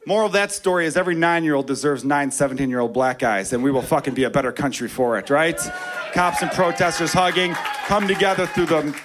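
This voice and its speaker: A man telling a stand-up story, profane and animated, dropping low and hushed then getting loud. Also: quick pace, some chatter behind, a little hiss or hum. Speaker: stand-up comedian.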